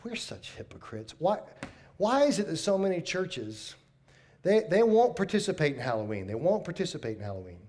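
High-voiced, folksy male preacher. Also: very animated, brisk, darkish tone, a little hiss or hum. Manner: folksy, emphatic preaching with repeated phrases. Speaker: pastor. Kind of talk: sermon.

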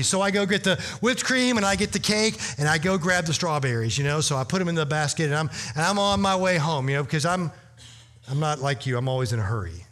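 Animated and fast, with a slightly high, fairly bright voice, this pastor addresses the congregation directly while telling a funny story sermon full of "you know" fillers.

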